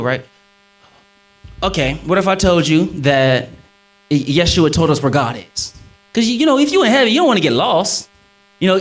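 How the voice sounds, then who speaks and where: A man talking on stage before an audience, preaching on scripture with a preacherly emphasis. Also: poor audio. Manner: lively, swinging pitch, preacherly emphasis.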